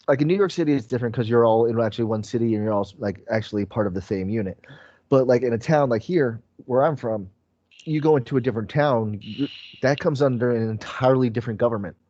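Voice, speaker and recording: A man with a mellow, relaxed voice chats on a podcast, wandering through his thoughts and packing his sentences with fillers. The sound is dry and dull, close to a home mic. He keeps a middle pitch throughout. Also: dry recording. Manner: rambling, many fillers like "like" and "um". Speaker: podcast co-host. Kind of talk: casual chat.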